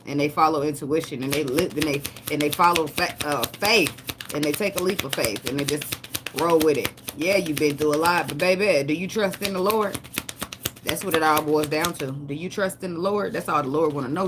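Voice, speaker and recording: A woman's voice: low voice, brisk, background noise. A woman giving a casual tarot reading, cursing, joking and laughing between cards. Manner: loud, laughing, profane, joking asides. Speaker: tarot reader.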